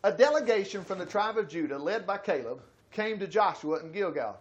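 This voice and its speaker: Guy preaching a bible study, high voice, folksy, acts out the quotes loud. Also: animated, a little fast, hardly any pauses, slightly rough, muffled recording.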